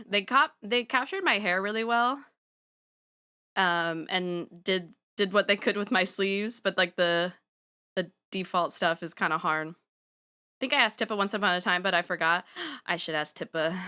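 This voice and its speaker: A woman's voice: on the low side, bright, forceful tone, smooth. A young woman streaming from home, chatting casually and rambling with playful slang while she draws. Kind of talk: casual livestream chat while drawing.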